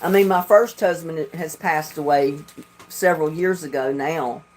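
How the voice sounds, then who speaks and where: Low, dark-toned, and measured, this is an older woman on a casual home livestream. She reads out viewer comments and chats in a homey, easygoing manner, mentioning how she fixes things herself.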